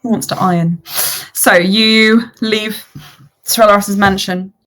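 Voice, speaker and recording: A woman's voice: mid-range voice, slow pace. Playful woman game master. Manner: lively, playful storytelling. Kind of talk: narrating a tabletop game.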